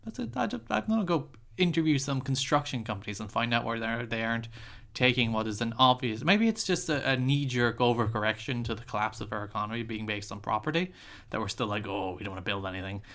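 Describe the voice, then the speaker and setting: A man trades views on a podcast in loose, casual chat. His pitch swings widely as he pushes back, blunt and opinionated, cutting in with quick retorts. His voice sits at an ordinary middle height for a man. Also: lively intonation, creaky, a bit bright. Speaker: podcast co-host.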